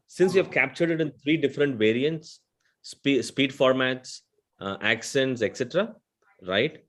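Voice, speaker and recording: South Indian man explaining on a panel. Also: medium pitch. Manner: explanatory, often adds a questioning "right?". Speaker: conversational AI vendor panelist. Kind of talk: panel discussion.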